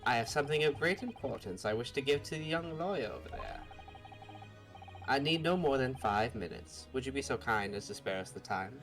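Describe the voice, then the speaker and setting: Man voicing a theatrical Victorian sleuth; formal speech, mid pitch, light music bed. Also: lively intonation, a little fast, fairly bright tone. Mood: courteous. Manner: formal, theatrical, old-fashioned phrasing. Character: grand eccentric male Victorian detective. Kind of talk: reading game dialogue aloud with friends.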